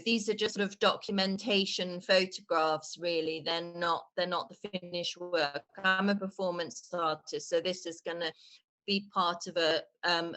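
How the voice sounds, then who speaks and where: Earnest, halting woman artist. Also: medium pitch, sharp tone. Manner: earnest, halting with many restarts. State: emotional. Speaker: performance artist. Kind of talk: online exhibition talk.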